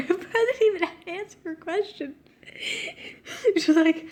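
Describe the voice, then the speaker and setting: High-voiced girl reading her old kid story slowly, laughing at herself the whole way. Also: sing-song. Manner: giggly, self-mocking, breaks off to laugh. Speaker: reader of her own childhood story. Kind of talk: casual reading with joking commentary.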